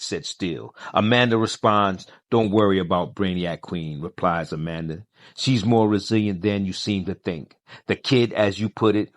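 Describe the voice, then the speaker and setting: A man's voice: lowish voice, a bit bright, no room sound, clean studio sound. A man narrating a comic book story, reading every character's lines with little change of voice between quotes.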